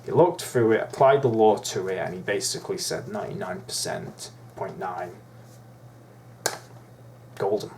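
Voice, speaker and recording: A man's voice: fairly low pitch, big pitch swings, normal speed, long pauses, darkish tone, a little hiss or hum. A young man ranting in a vlog, profane, indignant and rambling. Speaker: YouTuber.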